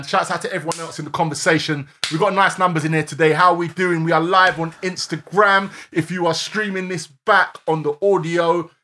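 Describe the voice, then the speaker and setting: A man co-hosting a casual live-streamed podcast, bantering and reeling off shout-outs to listeners. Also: on the high side. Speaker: podcast co-host.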